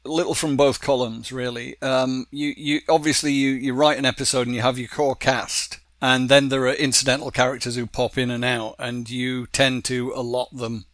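Dry-sounding man telling lively anecdotes. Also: mid-range voice, normal speed, few pauses, no room sound. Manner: animated anecdotes with acted quotes and laughs. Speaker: animation producer interviewee. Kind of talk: casual interview storytelling.

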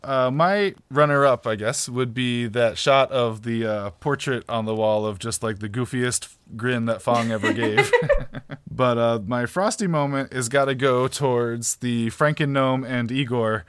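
A man's voice: medium pitch, unhurried, a bit bright, clean tone, dry recording. A man co-hosting a podcast in casual chat. He rambles loosely, leans on "like" and "you know", and laughs often. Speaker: podcast co-host.

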